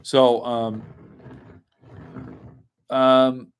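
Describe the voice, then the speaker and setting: A man's voice: mid-range voice, flat delivery, drawn-out words, smooth. A man hosting a casual livestream, rambling as he reads and answers chat comments. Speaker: host.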